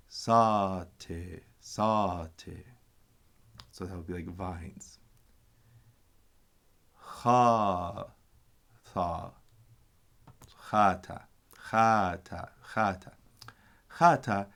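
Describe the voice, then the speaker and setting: Man, teacher, low voice, slow delivery, patient step-by-step explanations. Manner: patient, stops to explain and correct himself. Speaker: language teacher. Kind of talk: slow explanatory reading lesson.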